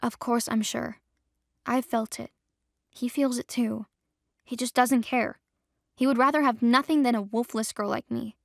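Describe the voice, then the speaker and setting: A woman's voice: on the high side, steady tone, a little slow, creaky, pauses often, no echo, clean studio sound. A woman voicing a heartbroken young woman rejected by her mate, pleading and tearful, in an audio drama. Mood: defensive. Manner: tearful, pleading, hushed at times.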